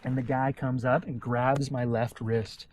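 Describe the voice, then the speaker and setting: An American man, a travel vlogger, telling a personal story to camera in an animated way and often checking in with his listeners. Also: mid-range voice, a little slow, slight background noise. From United States.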